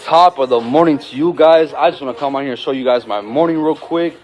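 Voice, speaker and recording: A man with an ordinary mid-range voice talks straight to the camera in a casual motivational vlog. He is sweaty from a workout outside, and his delivery is energetic and full of swearing. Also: mid-range voice, fairly quick, muffled recording, faint music behind. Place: outdoors.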